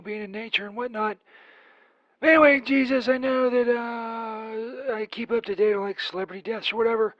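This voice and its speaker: A man's voice: high-pitched, no room sound, dull audio. A man voicing a crude, rambling Saint Peter who leaves a profane voicemail full of filler words, as a comedy bit.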